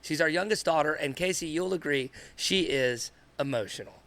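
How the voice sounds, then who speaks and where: High, gravelly-voiced man talking candidly. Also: normal speed, fairly bright tone. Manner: earnest, rambling, repeats himself. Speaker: podcast co-host, father. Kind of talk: candid podcast conversation.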